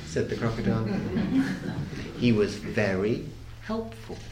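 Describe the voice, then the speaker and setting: A middle-aged man reading a children's story aloud to an audience, playful and expressive, dropping very soft for suspense. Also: mid-range voice, moderate pace, a little hiss or hum. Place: talk hall. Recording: echoey hall.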